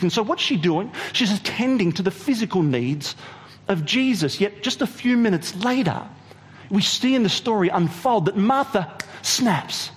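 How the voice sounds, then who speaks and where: A man preaching a sermon, retelling a story in an animated way and asking the audience questions. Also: sits high, long reverb tail. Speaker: pastor.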